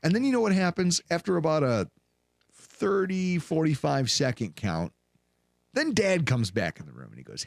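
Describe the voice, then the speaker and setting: A man in his thirties hosting a sports podcast, telling a story with lively acted-out voices. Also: on the high side, normal speed, gravelly, no echo. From Buffalo, New York area. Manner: animated, acts out voices in anecdotes. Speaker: podcast host.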